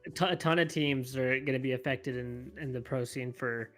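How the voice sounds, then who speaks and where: Dude co-hosting an esports pod, mid voice, just chatting and weighing in. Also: male voice, medium pitch, steady tone, moderate pace, fairly bright tone, faint music behind. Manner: conversational, chiming in with opinions. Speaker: podcast co-host. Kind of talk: casual esports podcast chat.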